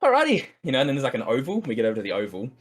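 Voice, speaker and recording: A man's voice: medium pitch, animated, racing, slightly rough. An Australian man telling a story as a podcast guest, casual and rambling, swearing freely with lots of fillers.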